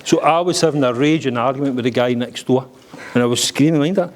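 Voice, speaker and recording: A man's voice: mid-range voice, fast talker, a little hiss or hum. A middle-aged Scottish man giving a joking, blunt father-of-the-bride speech at a wedding reception, swearing freely.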